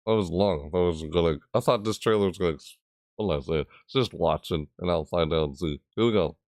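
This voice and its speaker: Speaking a little fast in a low voice, this man offers laid-back commentary on a gaming video. He muses in meandering, halting asides and bursts into loud screeches as imitations. The recording is clean studio sound with no echo.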